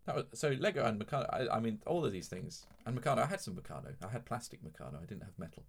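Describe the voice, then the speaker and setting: A man's voice: on the low side, rapid-fire, gravelly, slightly rough. A man co-hosting a casual podcast chat, joking in a dry way. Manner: dry, joking, animated intonation. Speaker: co-host.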